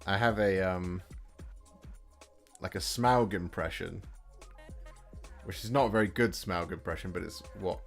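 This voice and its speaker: Chatty low-voiced man hosting a live stream. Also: measured pace, creaky, long pauses, faint music behind. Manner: chatty and playful, laughs often, trails off while working. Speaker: livestream host painting miniatures. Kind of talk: casual live-stream chat answering viewers.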